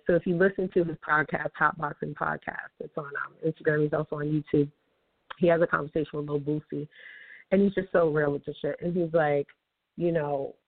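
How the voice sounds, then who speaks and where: A woman's voice: sits low, no echo. A woman hosting a casual monologue, talking bluntly and heatedly, with some rambling. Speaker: show host. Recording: tinny phone-like, dry sound.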